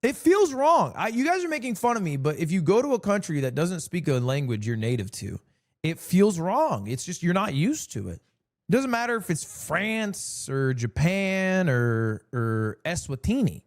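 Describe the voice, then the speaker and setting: Lively joking male streamer. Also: normal speed. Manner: joking, animated storytelling with sudden pitch jumps. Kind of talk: casual stream chat.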